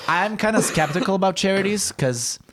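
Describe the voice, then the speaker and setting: A man with a Serbian accent hosting a podcast, talking casually in English with halting restarts. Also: high voice, expressive, fairly bright tone. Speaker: podcast host. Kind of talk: casual chat.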